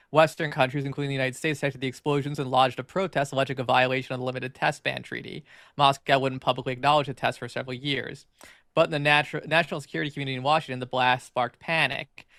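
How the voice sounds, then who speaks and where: Fast, gravelly man stumbling through a reading. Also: mid-range voice, bright, forceful tone, no echo, clean studio sound. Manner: fast, filler-heavy reading with frequent stumbles and restarts. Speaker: podcast co-host. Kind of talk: reading an article aloud on a podcast.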